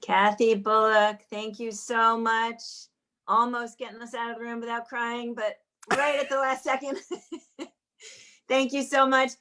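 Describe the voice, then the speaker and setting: Over a video call, a woman with a fairly high voice hosts an online show, speaking at a measured pace with flat delivery. She wraps it up by chatting warmly and repeatedly complimenting each person on the call.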